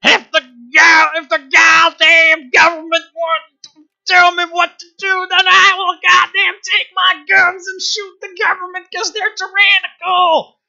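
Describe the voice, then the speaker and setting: A man voicing an angry, defiant frontier merchant who rants and shouts in a strained high voice. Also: monotone, measured pace, vocal fry, highs cut off, exaggerated voice. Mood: ranting.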